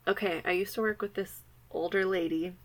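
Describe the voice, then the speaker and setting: A woman's voice: medium pitch, fairly even intonation, a bit bright, rough recording. A woman, co-hosting a podcast, chatting loosely with lots of fillers. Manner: rambling, lots of "like", quick to laugh. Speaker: podcast co-host. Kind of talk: casual podcast chat.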